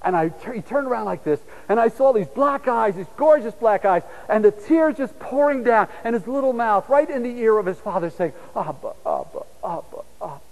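A man preaching a sermon and telling stories, his voice swinging from loud, urgent calls to hushed, soft asides. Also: very high-pitched, expressive, brisk, few pauses, long reverb tail, poor audio.

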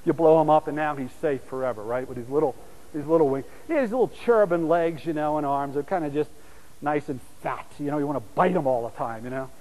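A preacher with a fairly high voice tells stories in a sermon at a quick pace, swinging from loud, urgent calls to hushed, soft asides. A long reverb makes it sound like a large church hall, with slight background noise.

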